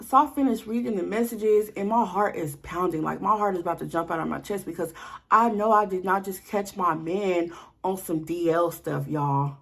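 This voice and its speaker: A woman's voice: on the low side, moderate pace, creaky. A young woman vlogger telling a personal story in a casual, blunt way, talking straight to her viewers. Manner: animated, blunt, addresses viewers directly.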